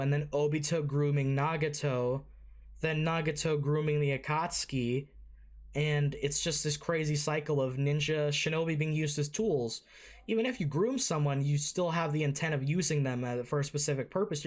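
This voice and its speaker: An anime reaction host giving casual, rambling commentary, swearing freely and full of fillers and restarts. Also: mid-range voice.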